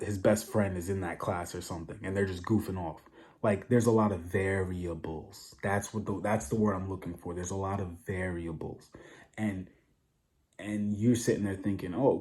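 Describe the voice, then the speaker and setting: A man with a low voice speaks straight to camera from home in a loose, casual monologue. His tone is dark and mellow, and he makes his points bluntly, repeats himself and keeps checking in with rhetorical asides. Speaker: vlogger.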